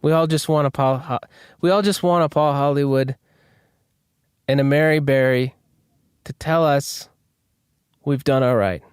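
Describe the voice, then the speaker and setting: A man's voice: medium pitch, measured pace, pauses often, smooth, no room sound, studio quality. A male host riffing in a casual, rambling, self-deprecating monologue and swearing freely.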